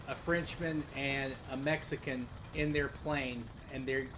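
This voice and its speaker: A man's voice: medium pitch, fairly even intonation, unhurried. Easygoing man rambling over game noise. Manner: rambling, easygoing storytelling with fillers. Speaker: streamer playing a tank game. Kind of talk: casual chat while gaming.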